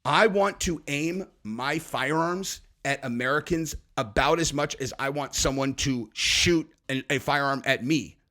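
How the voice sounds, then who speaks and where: A male podcast host delivers a heated political rant. His voice sits a little high, and he scolds and curses freely as he lectures his listeners. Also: unhurried, few pauses, sharp tone.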